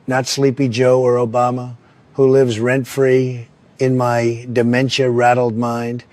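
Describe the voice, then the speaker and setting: A man's voice: mid-range voice, completely flat delivery, darkish tone, no room sound, natural voice. A man doing a smug parody president. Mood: mocking. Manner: fast sarcastic satirical monologue. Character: mocking parody of a boastful male president. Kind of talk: comedy parody ad.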